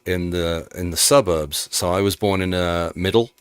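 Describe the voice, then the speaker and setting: A man from Birmingham, England, with a softened Birmingham accent, telling stories as a guest in a casual podcast chat. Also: sits low, fairly even intonation, moderate pace, clean tone, no echo, studio quality. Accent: softened Birmingham English. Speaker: guest musician.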